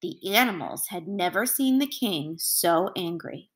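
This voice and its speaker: A woman teacher reading a storybook aloud to children in a clear, expressive voice. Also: fairly low pitch, unhurried.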